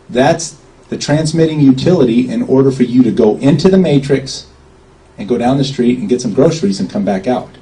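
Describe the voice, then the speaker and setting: A man's voice: medium pitch, warm tone, low-quality recording. A man giving an informal talk to a small crowd, rambling in a folksy way and often checking in with "okay?". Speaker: speaker at a public gathering.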